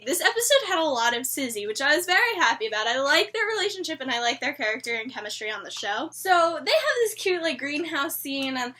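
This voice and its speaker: A woman recapping a TV episode in a casual fan chat, opinionated and animated, with lots of "like". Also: extremely high pitch, a little fast, few pauses. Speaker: TV episode reviewer.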